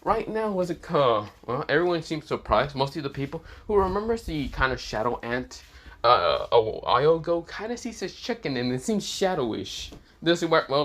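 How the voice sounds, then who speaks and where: A man narrating a homemade fan story off the cuff, rambling and circling back on himself as he pieces it together. His voice sits at an ordinary male pitch, and his delivery stays casual and unscripted. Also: a bit bright. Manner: rambling, heavy fillers and restarts. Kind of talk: improvised casual fan-fiction retelling.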